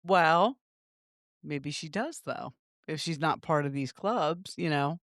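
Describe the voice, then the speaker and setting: A woman co-hosting a podcast, chatting casually and adding quick agreeing asides. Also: sits low, expressive, no room sound, clean studio sound. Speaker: podcast co-host. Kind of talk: casual recap chat.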